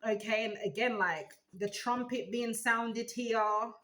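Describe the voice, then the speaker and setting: A woman giving a tarot reading, musing aloud in a loose, animated way. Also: a little high, slow, poor audio. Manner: animated, musing aloud, breaks into sung gospel snippets. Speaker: tarot reader.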